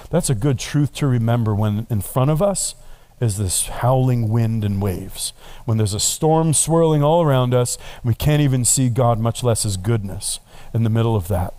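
A middle-aged male pastor preaching a sermon, telling the story in an animated way and slipping in playful asides. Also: medium pitch.

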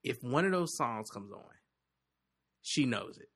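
A man with a bright, forceful voice and an ordinary pitch, talking loosely in a casual chat. He teases and tells animated stories, and he swears freely as he goes. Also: measured pace, husky. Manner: profane, teasing, animated storyteller.

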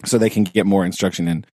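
Low and mellow, this man's voice carries a loose podcast conversation where he, a sixth-grade teacher and co-host, wanders through filler-laden talk and frequent laughter, with no echo in the sound.

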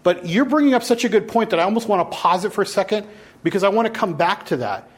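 A man's voice: sits high, lively intonation, fast talker. A man teaching a Bible class, lecturing and challenging his students to argue back.

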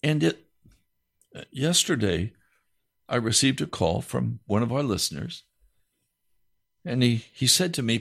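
A man preaching a sermon as a pastor, voice rising into high, pleading questions. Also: lively intonation, measured pace, creaky, pauses often, fairly bright tone.

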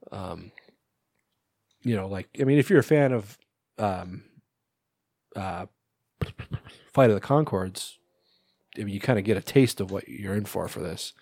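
Low-voiced man in casual film chat. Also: expressive, measured pace, vocal fry, pauses often, darkish tone, slightly rough, dry recording, studio quality. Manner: laughs often, casual swearing, many fillers. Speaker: podcast co-host.

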